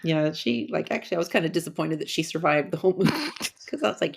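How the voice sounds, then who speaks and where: A woman co-host with a fairly low voice. She chats casually about a movie and gives blunt opinions between laughs. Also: very animated, fast talker, vocal fry, slight background noise. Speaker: podcast co-host. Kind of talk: casual movie commentary chat.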